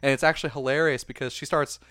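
A man's voice: medium pitch, steady tone, fast, fairly bright tone, no room sound, clean studio sound. A man in casual podcast chat, telling a long game story that trails off with "or whatever".

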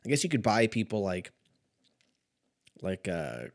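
A young man with a slightly low voice talks on his own in a loose, rambling way, swearing freely. His voice is a bit rough from a cough he had days ago. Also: very animated, a little slow. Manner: profane, rambling, laid-back. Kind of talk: casual solo chat.

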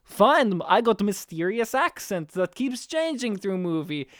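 A man's voice: high-pitched, very animated, measured pace, no room sound, clean studio sound. A man with an Australian accent putting on a parody of a male movie villain whose accent keeps shifting, in an exaggerated, jokey way. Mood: mocking.

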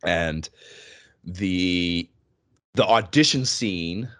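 A man co-hosting a casual gaming podcast, animated and laughing often as he tells stories. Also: low-pitched, extremely slow, dry recording, clean studio sound. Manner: animated, laughing, swearing freely. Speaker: podcast co-host.

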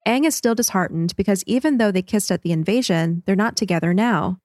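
A woman co-hosting a podcast, recapping an episode in a brisk, cheerful way. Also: mid-range voice, darkish tone, dry recording, clean studio sound. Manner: brisk recap, laughs easily. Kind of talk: casual chat and episode recap.

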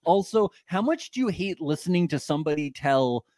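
A man's voice: fairly high pitch, lively intonation, a little fast, darkish tone, no room sound, clean studio sound. A man co-hosting a casual recap chat, joking, acting out quotes and tripping over his words. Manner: joking, acts out quotes, stammers and restarts. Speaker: podcast co-host.

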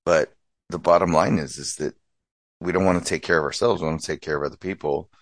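A man with a deep, low voice hosts the chat in a blunt, teasing way and needles his guest. The recording is close and dry. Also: fairly even intonation, quick pace, creaky, no room sound. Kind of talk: casual chat.

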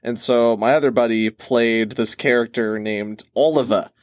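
A man's voice: medium pitch, steady tone, moderate pace, dry recording, clean studio sound. A man in his twenties co-hosting a casual podcast, telling a rambling story full of fillers and restarts. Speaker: podcast co-host. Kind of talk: casual chat.

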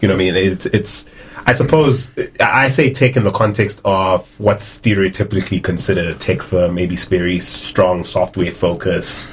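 A man's voice: deep voice, normal speed, a little hiss or hum. A man hosting a podcast, talking casually with lots of laughs and restarts, then reading a sponsor message. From Africa. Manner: animated, laughs often, many restarts. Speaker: podcast host.

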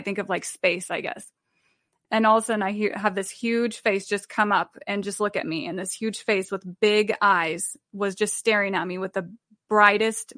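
A woman's voice: medium pitch, a bit bright, no echo, studio quality. A woman guest telling her faith testimony in an earnest, rambling way, with many fillers and restarts. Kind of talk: sharing a personal faith testimony.

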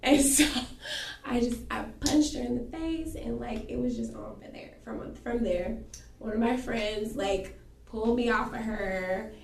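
Young woman spilling a story, high voice, lively, full of "like", sits back from the mic in an echoey room. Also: a little slow, vocal fry, distant mic, crowd noise. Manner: animated, acts out quoted people, lots of fillers. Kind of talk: casual storytelling chat.

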